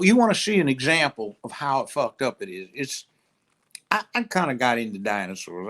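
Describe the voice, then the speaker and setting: A man who is a judge, giving a blunt, profane, animated opinion during a talk show chat. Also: mid-range voice.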